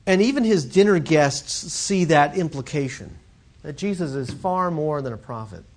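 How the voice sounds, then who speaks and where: A man who teaches Greek, preaching a sermon and explaining scripture in an animated teaching manner, acting out quoted voices. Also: fairly high pitch, moderate pace.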